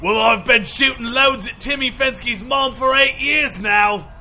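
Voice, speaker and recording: A foul-mouthed hooligan roars insults from the sidelines. His voice is high, gravelly and sharp, dragging out each word. Faint ambience sits behind him. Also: unhurried, slight background noise, heavily acted. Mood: rowdy. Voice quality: gravelly, bellowing. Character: rowdy foul-mouthed male soccer hooligan heckler.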